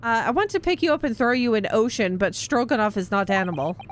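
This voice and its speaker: A woman voicing a rude, gruff young male sailor who guards a cabin and speaks in blunt, broken English. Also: on the high side, lively intonation, quick pace, lightly acted.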